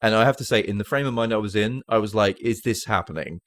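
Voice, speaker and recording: A man with a low voice tells film scenes in casual podcast chat, animated and full of quick asides. The sound is dry and close. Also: no echo. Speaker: podcast co-host.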